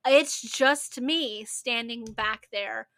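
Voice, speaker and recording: Young woman, bright tense voice, casual storytelling, emphatic, repeats herself. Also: on the high side, drawn-out words. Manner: emphatic, repetitive, swears casually. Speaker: podcast co-host.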